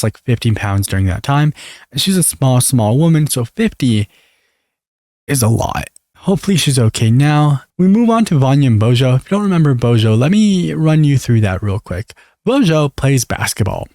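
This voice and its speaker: A young man recapping a reality TV show in a sarcastic, gossipy, animated manner. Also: medium pitch, dry recording, studio quality. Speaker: video creator.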